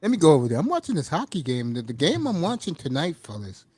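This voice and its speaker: New guy in his middle years telling funny stories, high voice, bouncy, mimics folks, dry sound. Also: fast, breathy edge, no echo. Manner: animated storyteller, mimics other people, laughs often. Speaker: podcast host. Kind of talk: casual storytelling chat.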